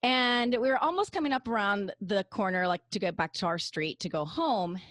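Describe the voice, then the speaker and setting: A woman co-hosting a radio show in a studio, telling an embarrassing story in an animated, self-deprecating way. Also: mid-range voice, normal speed, no echo. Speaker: radio co-host. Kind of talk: casual studio chat, storytelling. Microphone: studio microphone.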